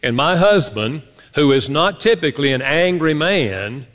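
A man preaching a sermon to a congregation, telling stories and addressing the listeners directly. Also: a little high. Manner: storytelling preacher, animated, addresses congregation as folks. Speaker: pastor. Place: church sanctuary. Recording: long hall reverb.

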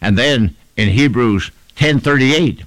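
A man's voice: mid-range voice, expressive, takes it slowly, a bit bright, no echo, rough recording. A man preaching a sermon, stressing his points and repeating phrases in rhythmic lists.

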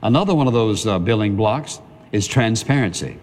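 A man's voice: lowish voice, animated, moderate pace, darkish tone, big-room sound. A man preaching a sermon in a conversational style, calling on the congregation to answer amen.

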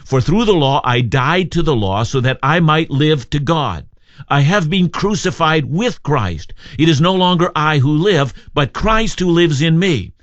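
A man's voice: on the high side, animated, unhurried, no room sound, muffled recording. A man preaching a radio sermon, earnest and emphatic, reading scripture and posing rhetorical questions. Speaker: radio Bible teacher.

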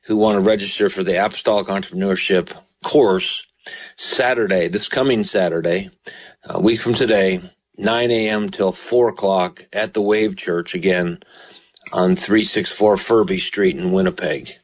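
A man's voice: fairly even intonation, moderate pace. A man preaching on a radio broadcast, reading scripture aloud and earnestly pleading with listeners. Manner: earnest, pleading, rises in pitch voicing the psalmist. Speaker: radio preacher taking calls.

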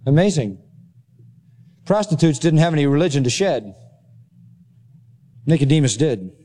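A man's voice: fairly high pitch, sing-song, normal speed, warm tone. A male pastor preaching an expository sermon, emphatic and repeating phrases for stress.

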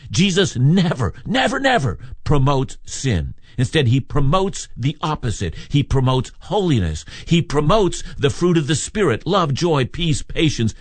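A man's voice: mid-range voice, no room sound. A man preaching a sermon, reading scripture aloud and explaining it verse by verse with emphatic points. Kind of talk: radio Bible teaching.

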